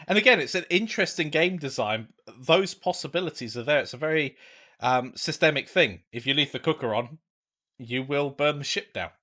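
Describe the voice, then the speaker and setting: Bright-voiced man musing on games. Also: fairly high pitch, expressive, normal speed. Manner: reflective, laughs often. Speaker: co-host. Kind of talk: casual chat about game design.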